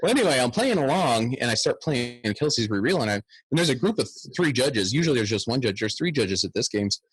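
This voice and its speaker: A man's voice: mid-range voice, sing-song, fairly quick, husky, no room sound. A man in his thirties, a guest bagpiper, chatting animatedly in a podcast interview and humming tunes aloud.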